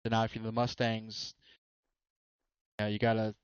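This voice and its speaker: A man's voice: lowish voice, completely flat delivery, moderate pace, clear, resonant tone, no room sound, dull audio. A man doing easygoing color commentary on a football game, with frequent fillers and hedges. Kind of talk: casual game analysis.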